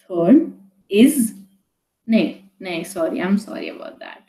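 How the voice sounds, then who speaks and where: A woman's voice: medium pitch, animated, slow pace, warm tone. A young woman with an Indian accent tutoring a student in a casual, chatty way, slipping Hindi into her English and full of fillers and restarts. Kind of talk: online poetry lesson. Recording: echoey room.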